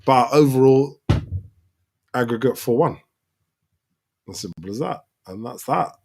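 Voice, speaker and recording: A man's voice: mid-range voice, measured pace, vocal fry, slightly rough. A man hosting a live football reaction, talking over the match and calling out the players. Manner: excitable, shouts at players on screen.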